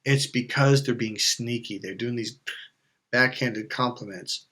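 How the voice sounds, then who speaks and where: A man giving a motivational coaching talk straight to camera, blunt and unfiltered, with plenty of swearing. He presses his points by repeating himself and slips into quick voices of the people in his stories. His voice sits at an ordinary middle pitch. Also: bright, forceful tone. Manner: blunt, emphatic and profane, with repeated insistent phrasing. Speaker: life coach and channel host.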